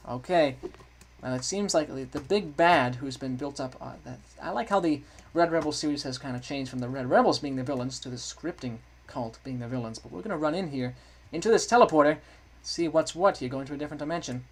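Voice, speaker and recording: A man giving chatty, self-correcting commentary while playing through a game, quickly getting excited. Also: on the high side. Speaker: gaming video creator. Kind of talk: let's play commentary.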